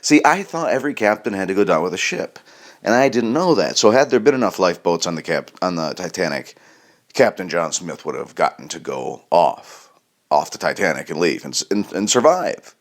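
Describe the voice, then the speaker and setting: Middle-aged guy doing a rambly deadpan comedy bit, voice bouncing all over the place. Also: low voice, fairly quick. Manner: deadpan, meandering, bursts into loud mock-shouted line readings. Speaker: comedian, podcast host. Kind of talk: rambling comic monologue.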